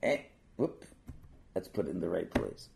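A man's voice: low-pitched, normal speed, gravelly. An older man teaching a casual religious class, digressing and acting out quotes with lots of feeling. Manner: animated, digressive, acts out quotes.

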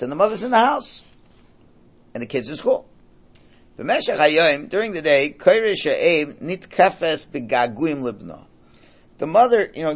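A man's voice: fairly high pitch, husky. Middle-aged man teaching a text class. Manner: conversational and jokey, many restarts. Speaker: religious teacher. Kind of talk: class translating a Hebrew text.

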